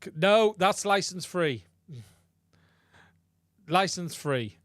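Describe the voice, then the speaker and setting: A man hosts a casual livestream, talking in a chatty, self-deprecating way and often repeating himself. His voice sits a little high and sounds dry and close, recorded on a studio mic through a podcast mixer. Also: expressive, slow pace, a bit bright, dry recording. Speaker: livestream host.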